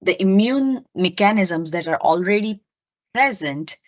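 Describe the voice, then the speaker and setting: A woman's voice: medium pitch, expressive, a little slow, lo-fi sound. A woman giving a recorded lecture, explaining step by step with many fillers and self-corrections.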